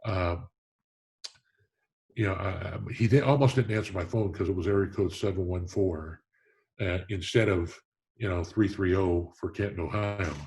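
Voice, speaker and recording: Speaking at a moderate pace in a low, gravelly, husky voice, this middle-aged hall of fame president shares stories during an interview. He's warm and earnest but keeps starting his sentences over.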